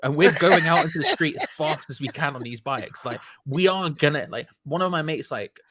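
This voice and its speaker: A man's voice: on the high side, brisk, no room sound. A young man, casually telling a long story with lots of swearing and acted-out voices. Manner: animated, swears often, acts out voices in his stories.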